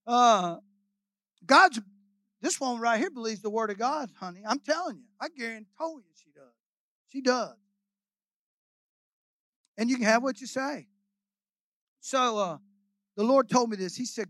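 A man, preaching as a guest pastor in a folksy, joking way, repeating phrases and swinging between quiet asides and loud shouts. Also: very high voice, moderate pace, pauses often, no echo. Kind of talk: sermon.

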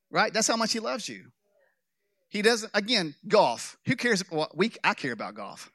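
Animated man preaching, higher voice. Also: moderate pace, no echo, clean studio sound. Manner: animated, joking, with restarts. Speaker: pastor. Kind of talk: sermon with storytelling.

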